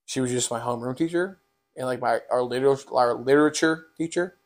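A man's voice: mid-range voice, brisk. A young man telling a casual storytime on a podcast, rambling with lots of fillers.

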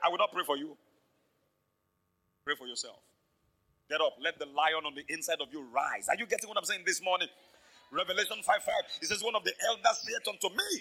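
Bright high-voiced pastor preaching. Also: male voice, brisk, gravelly, pauses often, slightly rough, rough recording. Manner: animated preaching, acts out quoted voices. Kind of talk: sermon.

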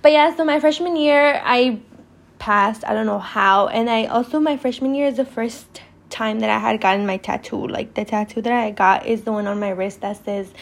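A woman's voice: a little high, normal speed, gravelly. A young woman from California telling a casual storytime about her teens, swearing often and filling her talk with "like". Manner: profane, chatty, lots of "like". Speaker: podcast host.

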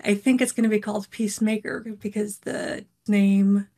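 A woman's voice: medium pitch, fairly even intonation, moderate pace, mellow. A woman author, a podcast guest, chatting casually and explaining her book series in a loose, conversational way. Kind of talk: casual chat.

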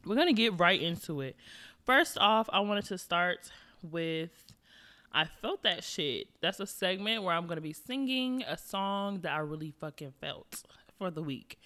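A woman's voice: lowish voice, sharp tone. Brief: young woman podcast host, loose slangy chat straight to listeners. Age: young adult. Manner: chatty, slangy, addresses listeners directly. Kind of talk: casual solo podcast chat.

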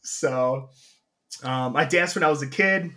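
Bright-voiced young American man. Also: fairly high pitch, measured pace. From United States. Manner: relaxed, conversational, uses "like" and "right?". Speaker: interview host, former English teacher. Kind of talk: casual interview storytelling.

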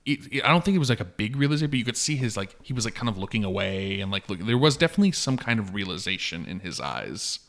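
A married man co-hosting a podcast, chatting casually about a film, rambling with lots of "like" and loud acted-out quotes. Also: fairly low pitch, sing-song, quick pace, vocal fry, few pauses. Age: adult, long married. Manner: rambling, heavy on "like", acts out quotes with big jumps in loudness. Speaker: podcast co-host.

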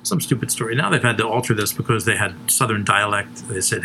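A man's voice: fairly low pitch, fast, vocal fry, sharp tone, a little hiss or hum. A man co-hosting a comedy show, rambling through crude stories with lots of swearing and laughing at his own jokes.

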